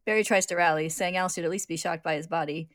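A woman narrating a story recap in a lively, casual way, acting out the characters. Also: on the low side, dry recording, clean studio sound. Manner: lively, brisk narration with acted voices.

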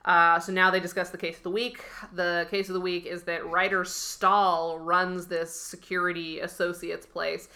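Woman, podcast co-host, casual recap chat, wry and quick, bright forceful tone, fairly low voice. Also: flat delivery.

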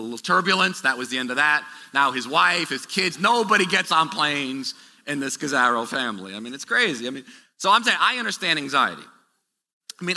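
A middle-aged man gives an animated, conversational sermon, often restarting and going off on asides. His bright, lively voice swings high and low. It rings through a large hall with a long tail of reverb. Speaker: pastor.

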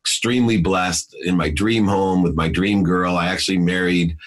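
A middle-aged man guesting on a podcast speaks in a low, steady voice at a moderate pace, captured on a low-quality recording. He tells a personal story with emphasis, full of fillers and restarts, his voice rising as he relives the key moments.

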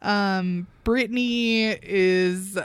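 Woman co-host, unhurried delivery, dry close-mic sound, sardonic casual recap chat. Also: medium pitch, fairly even intonation, smooth, no echo. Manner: chatty and sardonic, frequent laughs and ums. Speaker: podcast co-host.

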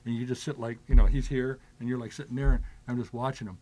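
A man's voice: mid-range voice, fairly even intonation, fast talker, warm tone. An older man telling long rambling stories in a casual chat, full of filler words and restarts. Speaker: guest.

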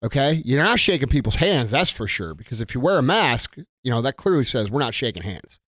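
A man's voice: mid-range voice, very animated, a little fast, fairly bright tone, dry recording, clean studio sound. A man giving an angry, blunt rant to camera, swearing heavily and repeating himself for emphasis. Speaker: business owner. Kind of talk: profane political rant to camera.

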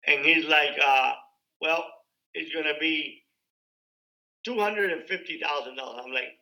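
A man's voice: on the high side, a little slow, sharp tone, poor audio. A man telling his own story in a loose, conversational way, with frequent fillers and acted-out quoted dialogue. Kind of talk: casual spoken storytelling.

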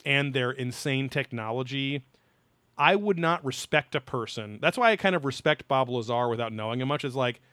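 A man in casual podcast chat, profane and animated, mocking what he talks about. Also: mid-range voice, moderate pace, no room sound. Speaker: podcast co-host.

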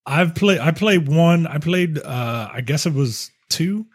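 A man with a husky, slightly breathy voice chats loosely about video games, laughing often and swearing here and there. The sound is dry and close, with no room around it. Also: a little high, animated, unhurried, dry recording. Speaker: podcast co-host. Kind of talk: casual chat.

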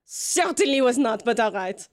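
A woman doing a swaggering rogue ex-wife, brash, foul-mouthed, mocking, fairly high voice. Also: lively intonation, moderate pace, natural voice.

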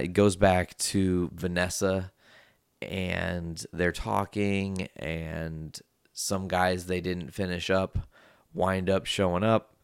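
A man's voice: low voice, smooth, no echo, studio quality. A man casually recapping a movie plot in a rambling way, with lots of fillers and frequent swearing. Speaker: movie reviewer.

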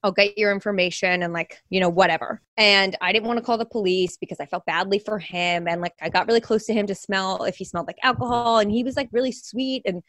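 A young woman telling a personal story in a candid, animated way as an interview guest. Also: medium pitch, fast, few pauses, dry recording.

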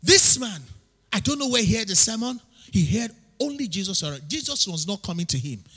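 A woman pastor with a Nigerian accent preaching a sermon, emphatic and often shouting in a chanting preacher's cadence. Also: medium pitch, big pitch swings, brisk, breathy edge. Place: church hall. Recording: long hall reverb with faint music.

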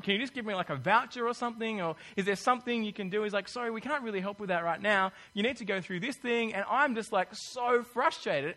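A man preaches a sermon, telling a story in a lively way and acting out each person in it. His voice sits fairly high for a man. It has a bright, forceful edge. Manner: animated storytelling, acts out the people he quotes.

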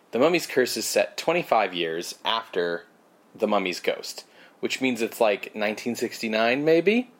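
A man's voice: lowish voice, fairly bright tone. A man co-hosting a podcast, rambling through a movie recap with lots of fillers and sarcastic asides. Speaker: podcast co-host. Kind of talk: casual movie recap chat.

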